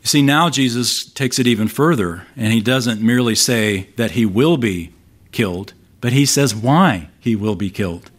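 A man's voice: medium pitch, moderate pace. A man pastor preaching an expository sermon, emphatic and asking rhetorical questions of his listeners. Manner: emphatic, shifts volume for stress.

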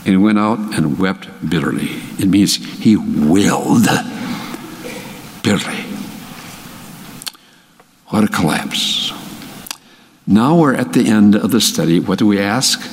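A man with a Minnesota accent teaching a Bible study, emphatic and animated, his voice jumping in pitch for emphasis. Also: measured pace, long pauses, big-room sound, slight background noise.

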